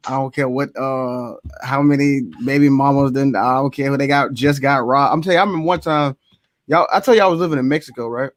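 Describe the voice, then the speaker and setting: A man's voice: mid-range voice, fairly even intonation, quick pace, no room sound. A man in a casual chat, telling a blunt story about strangers asking for money.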